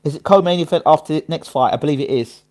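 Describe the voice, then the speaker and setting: A man's voice: fairly high pitch, fast talker. Chatty male boxing stream host. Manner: chatty, shouting out viewers by name and place. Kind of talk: casual live boxing chat.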